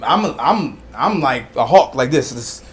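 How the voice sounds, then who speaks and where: A man, chatting casually and telling a story as a father, acting out quotes in a higher voice. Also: a little slow. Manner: animated storyteller who acts out quotes in a higher voice. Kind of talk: casual podcast conversation.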